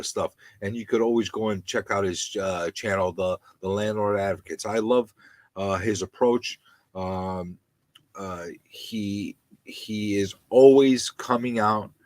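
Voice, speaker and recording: A man hosting a live stream, ranting about landlords in an animated, indignant, repetitive way. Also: lowish voice, no room sound, poor audio.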